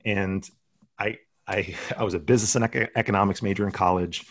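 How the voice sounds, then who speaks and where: A man's voice: fairly low pitch, fairly even intonation, fairly quick, a bit bright, no room sound. A man in his forties with a New Jersey accent, a podcast guest telling his story in an earnest, self-reflective way. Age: 40s.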